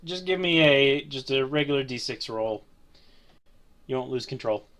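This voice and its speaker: A man's voice: medium pitch, animated, normal speed, a bit bright. A man narrating a tabletop role-play as game master, easygoing and hesitant.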